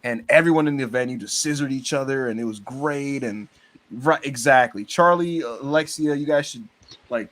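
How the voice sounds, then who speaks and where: A man's voice: medium pitch, moderate pace, a bit bright. A man hosting a casual podcast, rambling through a recap with fillers and swearing. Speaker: podcast host. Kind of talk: casual wrestling podcast chat.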